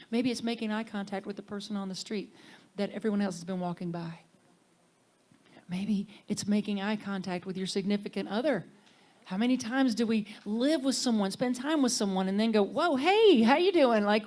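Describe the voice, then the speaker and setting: A middle-aged woman minister giving a conversational sermon, often dropping to a soft near-whisper for emphasis. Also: mid-range voice.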